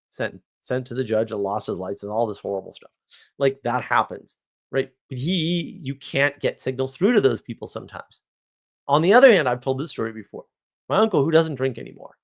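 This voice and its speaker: A man talking live to his stream in a loose, unscripted monologue. He rambles from story to story and keeps checking in with a quick "right?" His voice sits at an ordinary middle pitch, and he laughs easily as he goes. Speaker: livestream host.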